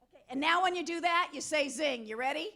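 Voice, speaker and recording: A middle-aged woman giving an energetic, interactive motivational talk at a conference, coaxing volunteers from the audience. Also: high-pitched, fast talker. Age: middle-aged or older. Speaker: conference keynote speaker. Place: conference hall.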